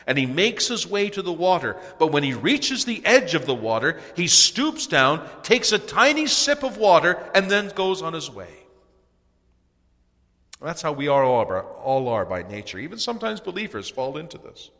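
A man's voice: on the high side, big pitch swings, normal speed. Earnest preacher man in a reverberant hall. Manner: earnest, rising to loud cries on key phrases. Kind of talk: sermon.

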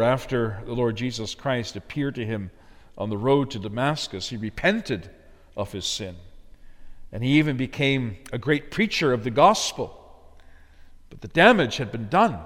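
A man preaching an expository sermon, pressing hard on key words, then dropping to quiet, low phrases. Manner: emphatic, swinging between loud stresses and quiet low phrases. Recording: long hall reverb.

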